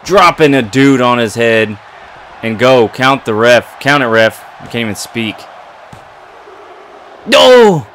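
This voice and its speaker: A man commentating his own wrestling video game play, excitable and trash-talking his opponent. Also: medium pitch, a little slow, a little hiss or hum. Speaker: gaming commentator.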